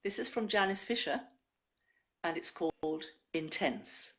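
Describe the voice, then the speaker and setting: Woman w a lowish voice reading listener poems on a show, slow and measured, chatty in between. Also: animated, a bit bright.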